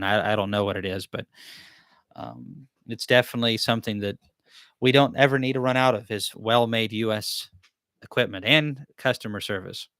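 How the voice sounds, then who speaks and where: A man's voice: lowish voice, a bit bright, no echo, studio quality. A man hosting a live-stream question-and-answer chat, talking in a rambling, easygoing, self-deprecating way. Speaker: beekeeping channel host.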